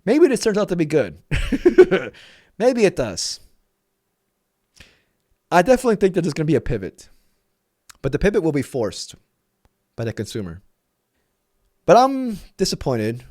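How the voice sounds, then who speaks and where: Male sports vlogger, high voice, exasperated profane rant, dry close sound. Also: wildly swooping pitch, unhurried, long pauses, a little mellow, no room sound. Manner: exasperated, profane, emphatic ranting. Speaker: sports channel host. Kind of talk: ranting sports commentary vlog.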